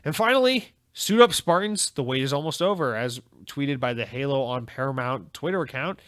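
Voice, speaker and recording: Sarcastic, foul-mouthed American podcast host. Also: male voice, mid-range voice, expressive, a little fast, fairly bright tone, no echo, clean studio sound. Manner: sarcastic, swears freely. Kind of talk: casual solo news podcast.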